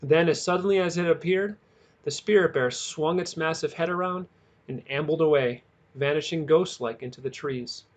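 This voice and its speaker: An audiobook reader, a man, reads a novel aloud in a measured manner and leans into its dramatic moments. His voice sits slightly above typical male pitch, and his storytelling pace stays steady.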